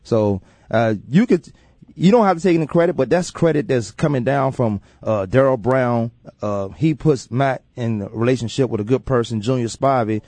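Man, sports radio host, mellow and husky, dry close sound, animated chat. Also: mid-range voice, normal speed, dry recording. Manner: animated, repeats himself. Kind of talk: casual sports talk.

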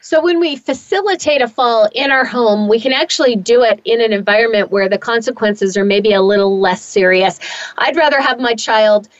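A woman co-hosting a parenting podcast, calm and agreeable, summing up her partner's points. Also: fairly high pitch, normal speed, dry recording, dull audio. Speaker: podcast co-host. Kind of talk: casual podcast chat.

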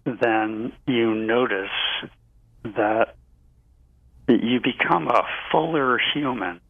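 Male therapist guest, unhurried and reflective, dull dry remote audio. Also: medium pitch, vocal fry, slightly rough, no room sound. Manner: slow, measured, thoughtful. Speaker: psychotherapist guest. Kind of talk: reflective interview talk.

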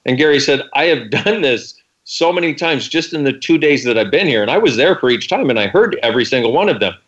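A man's voice: mid-range voice, expressive, fast talker, fairly bright tone, highs cut off. A man co-hosting a call-in talk show, telling stories and acting out quoted lines. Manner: storytelling, acts out quotes. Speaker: co-host.

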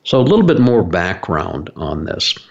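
Low-voiced man, rambling host talk. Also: very animated, normal speed, vocal fry, dull audio. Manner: rambling storyteller with many fillers and restarts. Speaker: broadcast host. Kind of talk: casual explanatory monologue.

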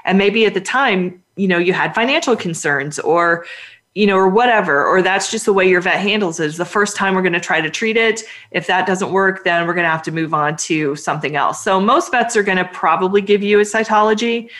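A woman's voice: medium pitch, brisk, a bit bright. Woman, veterinarian, casual podcast chat, talkative, emphatic, advice-giving.

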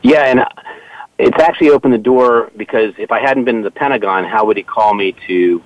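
A man with a very deep voice speaks in a relaxed interview manner, pausing with fillers and restarting his sentences. The recording sounds dull and lo-fi, with a dry, close tone. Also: dry recording. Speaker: interviewer and photographer. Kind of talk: casual interview conversation.

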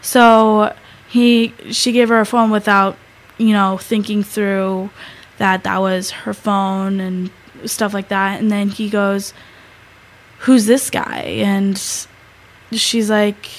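Teen girl telling a long story, pretty monotone, lots of ums and restarts. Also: mid-range voice, poor audio. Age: teens. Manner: halting, with many fillers and restarts. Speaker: co-host. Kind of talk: casual storytelling.

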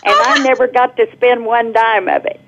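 A woman's voice: on the high side, fairly even intonation, normal speed, a bit bright, a little hiss or hum. A woman voicing her frail elderly mother, who answers with dry, stubborn, matter-of-fact comebacks. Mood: wry. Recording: tinny phone line.

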